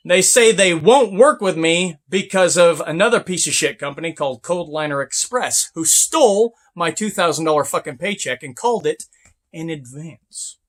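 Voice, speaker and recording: A man, a truck driver, ranting with sarcasm and heavy swearing about trucking companies, often bursting into shouts. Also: a little high. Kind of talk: angry ranting vlog.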